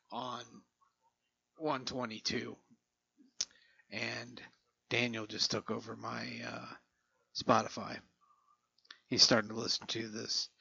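A middle-aged man rambles through a casual monologue in a gravelly, husky voice, swearing freely and chuckling as he goes. His tone has a sharp, tense edge. The recording sounds dull and lo-fi. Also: mid-range voice.

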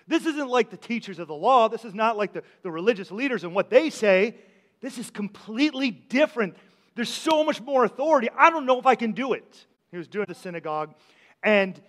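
A man's voice: sits high, a bit bright. A man preaching a sermon as pastor, talking conversationally, asking the congregation questions and often repeating his words. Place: church sanctuary. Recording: long church hall reverb.

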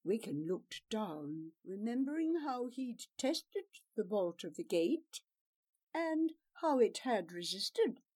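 Woman, storybook narrator, slow measured pace, expressive, lively pitch, fairly high voice. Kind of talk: storybook reading.

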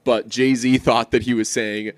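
A man co-hosting a podcast in casual banter, rambling and swearing freely with quick asides. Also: mid-range voice, level tone, no room sound. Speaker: podcast co-host.

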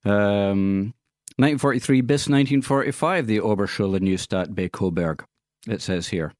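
Brief: male co-host of a radio movie show, casual, fumbling fillers, deep voice. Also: darkish tone, no echo, studio quality. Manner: halting reading with many fillers, stumbling over foreign names. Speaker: radio film-news co-host. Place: radio studio.

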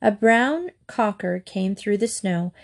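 A woman reading a children's book aloud in a steady, gentle storytelling manner. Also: medium pitch, slow pace, vocal fry. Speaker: reader.

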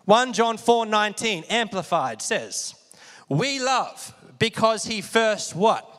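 High bright guy preaching, lively call and response, echoey hall reverb. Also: slow. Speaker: pastor. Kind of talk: sermon.

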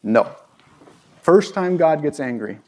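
A man's voice: on the high side, expressive, slow, dark tone. A male pastor preaching a conversational sermon in a church, asking the congregation questions as he goes. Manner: conversational, asks the audience questions.

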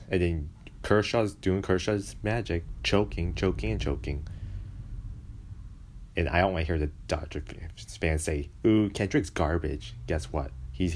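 A man with an extremely deep, low voice rants casually about baseball. He sounds exasperated and mocking, complaining at length. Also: slight background noise. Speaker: baseball fan commentator. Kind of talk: casual sports rant.

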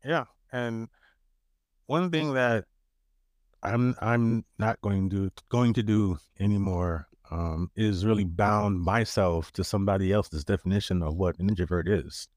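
A man's voice: lowish voice, measured pace, darkish tone, no echo, studio quality. A man co-hosting a podcast in a laid-back, joking way, often restarting his words. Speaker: podcast co-host. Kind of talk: casual chat.

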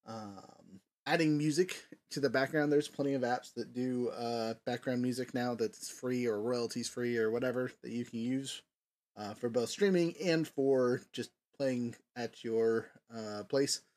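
A man hosts a gaming podcast in a loose, rambling way. His voice sits at an ordinary middle pitch and is full of ums and restarts. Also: measured pace. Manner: rambling, filler-heavy, lively. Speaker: podcast host. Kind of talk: casual chat.

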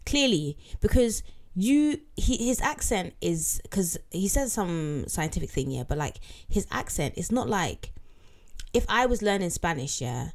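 A woman's voice: on the low side, big pitch swings, unhurried. A woman podcast co-host chatting casually and recapping a documentary's plot, acting out short quotes as she goes.

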